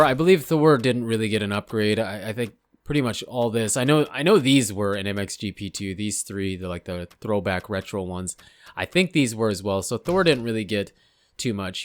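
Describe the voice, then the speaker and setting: Slightly hoarse man rambling over gameplay. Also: on the low side. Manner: rambling, unsure, often correcting himself. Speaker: gaming YouTuber. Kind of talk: casual gameplay commentary.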